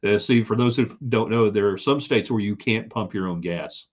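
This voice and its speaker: A man's voice: on the low side, normal speed. Opinionated man talking football, lo-fi audio. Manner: chatty, opinionated, rambling with restarts. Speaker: sports podcast host. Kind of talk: casual live-stream commentary. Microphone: streaming setup mic. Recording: slightly dull lo-fi stream audio.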